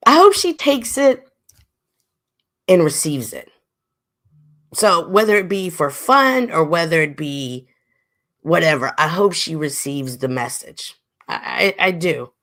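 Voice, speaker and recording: The host of a casual livestream, a woman with a deep and slightly stuffy voice, reads comments from the chat aloud. Her pace is a little slow, yet her way of talking is lively, moving between loud exclamations and murmurs.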